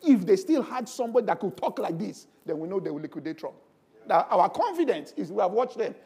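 A man preaching a sermon, animated and laughing, rising to loud, emphatic bursts. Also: high voice, fairly quick, husky.

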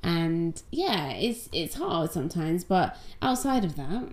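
This English woman speaks slowly in a low, sing-song voice as she hosts her podcast. In a relaxed solo monologue, she spins candid, meandering stories with a chatty manner.

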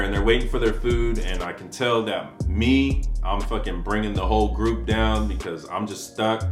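A man's voice: lowish voice, a bit bright. A man in his forties telling a personal story in a casual, profane, conversational way, often saying "you know what I mean.". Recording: roomy echo with faint guitar music.

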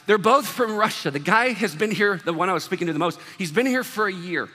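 A man's voice: high-pitched, expressive, a little fast, bright, forceful tone, long reverb tail. A man preaching a sermon as pastor, talking in a loose, conversational way with self-deprecating asides.

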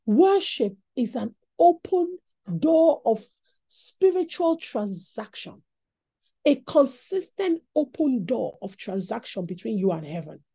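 A woman with a Nigerian accent preaching a sermon in an animated teaching style. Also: fairly high pitch, slow pace, husky.

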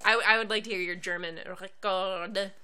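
A woman's voice: medium pitch, fairly even intonation, fast, bright, forceful tone, clean tone. A woman co-hosting a podcast in casual chat, teasing playfully and giggling. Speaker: podcast co-host.

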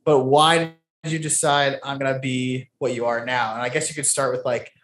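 A man's voice: medium pitch, flat delivery, normal speed, a bit bright. A man hosting a podcast, asking his guest loose, rambling questions. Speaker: podcast host. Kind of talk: casual podcast chat. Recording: echoey room, faint background hum.

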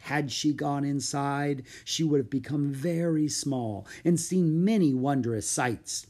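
A reader doing an old Irish storyteller woman, husky. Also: medium pitch, slow, pitched above the performer's own voice. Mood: storytelling. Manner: hushed, lilting storytelling. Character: older Irish woman storyteller, dreamy, believes in fairies.

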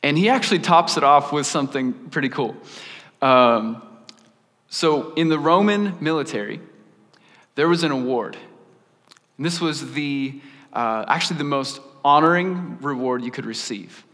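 Male preacher, fairly high voice, casual chatty sermon, long hall reverb. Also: a little slow. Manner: animated, laid-back, peppered with "like".

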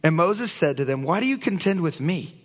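A man's voice: on the high side, animated, a little fast. A man preaching a sermon as pastor, reading scripture aloud and speaking with earnest emphasis. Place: church sanctuary. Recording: long church reverb.

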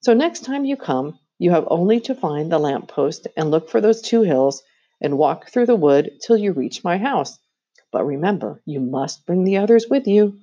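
A woman's voice: on the low side, very animated, moderate pace, dark tone, husky, lo-fi sound. A woman voicing a cold, scheming queen who coaxes a boy with sweet, commanding persuasion, in a storybook reading. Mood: coaxing.

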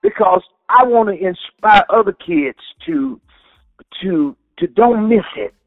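A man's voice: high-pitched, expressive, slow, no echo. A man from West Dallas calling in as a guest, talking emphatically and motivationally and repeating his key points. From West Dallas, Texas. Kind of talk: phone-in conversation. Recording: tinny phone line.

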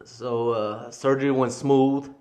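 A man's voice: mid-range voice, steady tone, slow pace, a little mellow. A man hosting his own podcast, telling stories in a candid, profane, rambling way. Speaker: podcast host. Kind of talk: casual solo podcast storytelling.

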